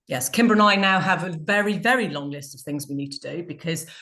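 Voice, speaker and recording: A woman's voice: fairly low pitch, brisk, sharp tone. A British woman co-hosting a casual video call, rambling and laughing at herself as she tells stories. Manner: rambling, self-mocking, laughs often. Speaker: co-host. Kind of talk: casual chat.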